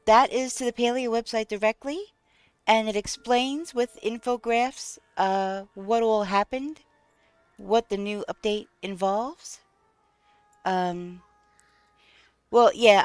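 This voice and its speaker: A woman game streamer chatting with her viewers in an unhurried, drawn-out way, her voice smooth and clear. The sound is dry and close, with no room echo. She thanks people and walks through what she is doing in the game, filling pauses with ums. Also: fairly high pitch. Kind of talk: casual live-stream chat while playing.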